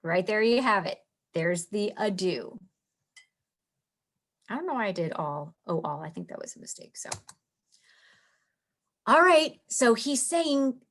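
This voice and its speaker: A woman's voice: mid-range voice, very animated, slow, pauses often. A woman giving a casual lecture on a play, reading lines aloud and tapping out the meter with enthusiasm. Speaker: literature teacher.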